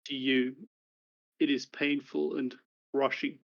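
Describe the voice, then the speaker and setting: Man, game master, gravelly voice, muffled recording. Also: mid-range voice, flat delivery, slow pace. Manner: storytelling, voicing characters. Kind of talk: narrating a tabletop game. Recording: dull lo-fi mic.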